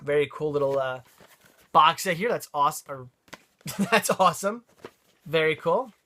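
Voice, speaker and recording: Excited bright-voiced young man vlogging. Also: on the high side, moderate pace. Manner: excited, rambling, frequent laughs and restarts. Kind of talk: casual unboxing chat.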